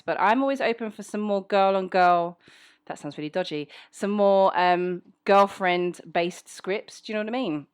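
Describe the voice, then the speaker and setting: A woman in her thirties with a South London accent speaks in a slightly low-pitched voice. She is outspoken and chatty, and she says what she thinks plainly. She answers listener questions in a loose, unscripted way from home. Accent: South London English. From England. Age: 30s. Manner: frank and outspoken, chatty with frequent ums. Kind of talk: casual chat.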